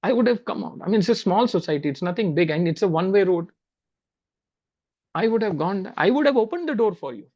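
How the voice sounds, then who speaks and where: A man's voice: sits high, animated, a little fast, a little mellow. A man with an Indian English accent telling a personal story during a spiritual talk over a video call, conversational and repeating his words. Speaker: spiritual class speaker. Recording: dull lo-fi video call audio.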